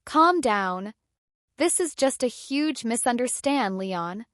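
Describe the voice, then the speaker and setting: A woman narrator voicing a cold, calculating male adventurer who speaks flatly. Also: fairly high pitch, slow, no echo, studio quality. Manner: cold, flat.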